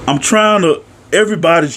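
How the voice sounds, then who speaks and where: A young man retells a wrestling show in a loose, profane vlog recap. His fairly high voice swings through a wide range, climbing into shouts when he gets worked up. He talks at an unhurried pace, dwelling on the words. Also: a little hiss or hum. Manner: animated and profane, shouting at peaks. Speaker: wrestling reaction vlogger. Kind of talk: excited casual recap.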